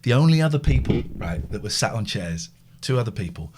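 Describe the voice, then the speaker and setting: A man's voice: lowish voice, sing-song, a little fast, background noise. A middle-aged man hosting a live phone-in show, telling rambling anecdotes in a chatty way. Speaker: radio phone-in host. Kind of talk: casual live chat.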